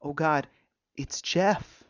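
Male narrator doing a dazed, badly hurt young woman, slurred and hushed; dull, dry audio. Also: a little high, very slow. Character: injured young woman, groggy and frightened.

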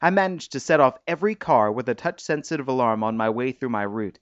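A man's voice: mid-range voice, fast, no room sound, close to an everyday voice. Man as teasing young husband, dry wit, dull dry recording. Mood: reminiscing.

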